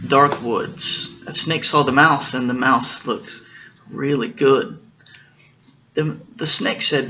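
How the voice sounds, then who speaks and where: A father reads a picture book aloud to his little girls, slow and unhurried, in a gravelly voice with a bright edge. He stops to explain the story and corrects himself as he goes. The home recording is dull and lo-fi, with faint noise behind. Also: mid-range voice. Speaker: father reading to his daughters.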